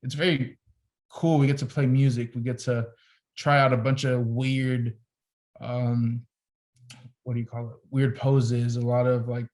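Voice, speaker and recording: A man's voice: mid-range voice, measured pace. A young adult man, a photographer and podcast guest, telling a story casually and animatedly, with lots of "like" as filler. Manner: animated storyteller, heavy use of "like".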